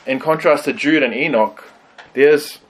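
A man teaching a conversational Bible study, thoughtful and pausing with frequent ums. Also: on the high side, slightly rough, rough recording.

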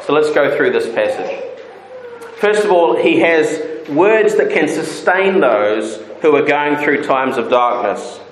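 A man preaching an expository sermon who rises into loud, high pleading when he quotes God. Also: sing-song, slow pace, slight background noise. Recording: echoey room with faint ambience.

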